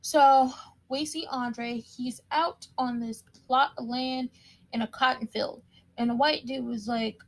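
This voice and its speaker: A woman's voice: high-pitched, fairly even intonation, slow. A woman giving a casual, opinionated recap of a TV episode, chatty and emphatic, repeating words for stress. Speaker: TV show recap commentator.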